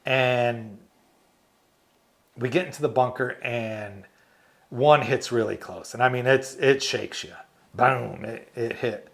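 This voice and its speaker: A retired US army medic tells war stories in an interview, animatedly acting out the quotes and laughing often. His voice is mid-range with vocal fry, and he speaks slowly with long pauses.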